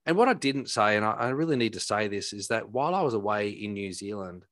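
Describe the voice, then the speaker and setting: A man, a chiropractor, telling his story in a rambling, animated way full of restarts. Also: lowish voice, fast, dry recording. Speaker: chiropractor guest. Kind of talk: conversational storytelling.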